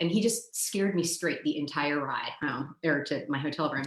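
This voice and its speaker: A woman from the United States, a guest telling a personal story in a lively, chatty way, often saying "like" and "you know". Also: deep voice, normal speed, reverberant, low-quality recording. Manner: lively, acts out quoted dialogue, frequent "like" and "you know".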